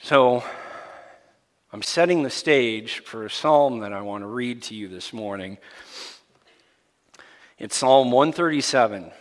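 A man preaching a sermon as pastor, swinging from hushed, near-whispered lines to loud, heated ones. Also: mid-range voice, animated, unhurried, pauses often. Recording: long hall reverb.

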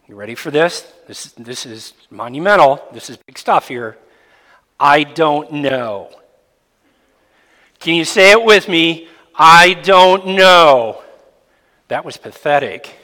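A man preaching a sermon as a pastor, animated and jokey, sometimes mimicking babble. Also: a little high, normal speed. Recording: long reverb of a hall.

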